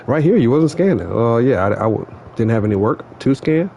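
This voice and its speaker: A man's voice: mid-range voice, lively intonation, a little fast, creaky, mellow, muffled recording, slight background noise. A man telling a heated, rambling story about a run-in at work, often adding "you know what I mean". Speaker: vlogger. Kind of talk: casual venting story.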